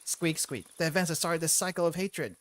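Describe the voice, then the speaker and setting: A man voicing a remorseful male mouse count, reading game dialogue in a stiff, formal way, breaking into little squeaks. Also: brisk, a bit bright, lightly acted. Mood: solemn. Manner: stiff old-fashioned formal speech punctuated by squeaks.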